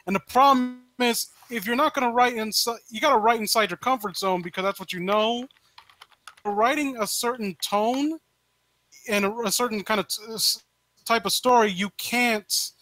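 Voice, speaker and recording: High, bright man critiquing a story. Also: no room sound, poor audio. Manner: measured, analytical. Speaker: participant in group discussion. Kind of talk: casual critique chat.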